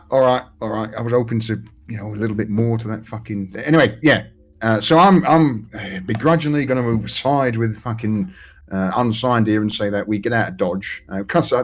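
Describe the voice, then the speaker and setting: Rambling, swearing man at a game table. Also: lowish voice. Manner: rambling, swears often, lots of fillers. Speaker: player. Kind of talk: casual tabletop play chat.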